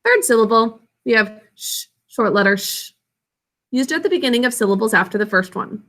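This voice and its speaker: A young woman teaching a class, slowly sounding out words and their syllables. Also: fairly high pitch, animated, a bit bright. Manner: clear, slow enunciation of words and sounds. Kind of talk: classroom spelling lesson.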